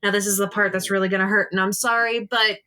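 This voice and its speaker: A woman's voice: mid-range voice, level tone, quick pace, pushed and bright, no room sound, lightly acted. A woman as a foul-mouthed young healer. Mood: apologetic. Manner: blunt, swearing.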